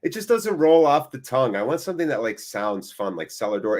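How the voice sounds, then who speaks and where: A man hosting a live match watchalong, chatting with viewers and breaking into excited play-by-play. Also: medium pitch, a little fast, hardly any pauses. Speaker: fan channel host.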